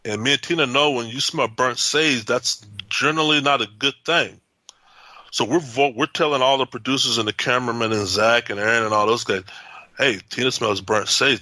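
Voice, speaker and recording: Bright-voiced man telling a rambling story. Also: mid-range voice, dry recording. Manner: rambling, many restarts, acts out quotes. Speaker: haunted house owner, interview guest. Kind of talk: casual storytelling interview.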